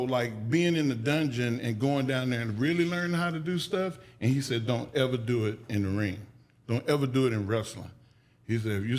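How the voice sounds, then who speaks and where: A man telling stories as a podcast guest, casual and profane, acting out the people he quotes. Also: mid-range voice. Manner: animated, acts out quoted people with raised voice. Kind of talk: storytelling in a podcast interview.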